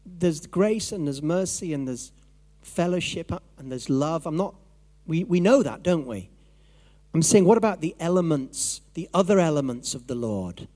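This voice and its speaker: A man preaching a sermon in a lively, conversational way, acting out his own thoughts and voices. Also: a little high. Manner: animated, conversational, acts out inner voices.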